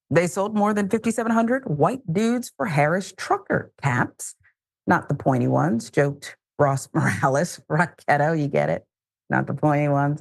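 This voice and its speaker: Woman news cohost reading stories w/ jokey little asides, some vocal fry, medium pitch. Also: dry recording, studio quality. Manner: wry, joking asides between reading reports. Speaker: news show co-host.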